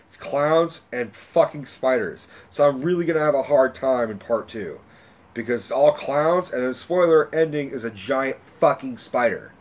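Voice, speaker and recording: A man's voice: medium pitch, expressive, normal speed. Guy doing a casual movie review rant, swears a ton, rambles, talks a lot, regular mid voice. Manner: profane, rambling and talkative. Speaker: vlogger reviewing a film.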